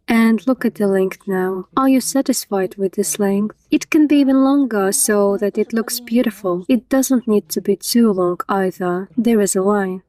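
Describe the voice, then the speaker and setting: Chatty woman asking lots of quick questions. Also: mid-range voice, darkish tone. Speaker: vlogger reviewing a makeup artist. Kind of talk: dubbed conversational chat.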